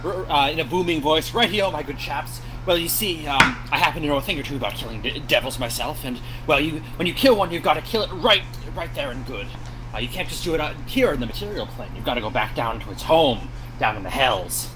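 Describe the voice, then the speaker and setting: A man playing a tabletop game, voicing his character's lines in quick, halting bursts. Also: on the high side, animated, background noise. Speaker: tabletop player. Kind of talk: casual tabletop play.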